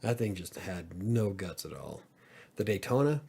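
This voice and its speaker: A man's voice: deep voice, expressive, normal speed, gravelly, darkish tone, slight background noise. A man in his thirties hosting a podcast, rambling casually, swearing freely and chuckling often. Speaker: podcast host. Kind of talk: casual livestream chat.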